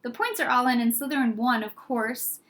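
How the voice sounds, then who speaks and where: A woman's voice: on the high side, normal speed, a bit bright, lightly acted. A woman voicing a blunt, cheeky young schoolboy in a storybook reading.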